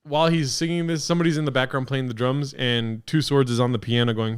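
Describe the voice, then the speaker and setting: A young man hosting a podcast, reacting to fan-made songs with excitable, profane joking. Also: medium pitch, fast talker, few pauses, clear, resonant tone, soft background music. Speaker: podcast host.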